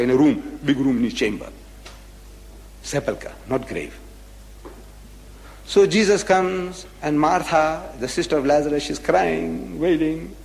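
A man lectures on scripture in a fairly high voice, swinging widely in pitch and dropping to a hush to make a point. He repeats his key phrases to drive them home. A long hall reverb trails each line. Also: gravelly. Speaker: religious lecturer. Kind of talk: lecture reading and explaining scripture.

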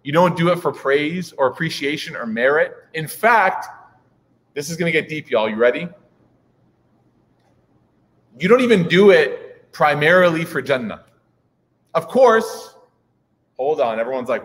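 A man's voice: a little high, animated, normal speed, fairly bright tone. A man in his thirties giving a humorous religious talk to an audience, chatty, with joking asides and many fillers. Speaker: preacher. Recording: reverberant hall.

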